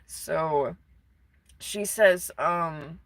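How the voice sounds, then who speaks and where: A woman's voice: deep voice, drawn-out words, no room sound. A woman casually retelling a story to camera, rambling, swearing and full of fillers. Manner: rambling, profane, animated retelling. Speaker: vlogger.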